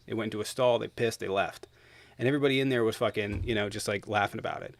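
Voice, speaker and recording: A man's voice: lowish voice, fairly even intonation, quick pace, no echo. A man hosting his own livestream, ranting bluntly and swearing freely in casual talk. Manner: blunt, profane, heated. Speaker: streamer host.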